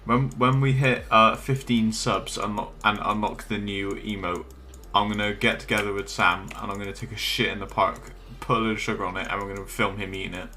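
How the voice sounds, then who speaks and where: A man's voice: on the low side, fairly even intonation, a little fast, pushed and bright. A man bantering on a stream with blunt, crude jokes.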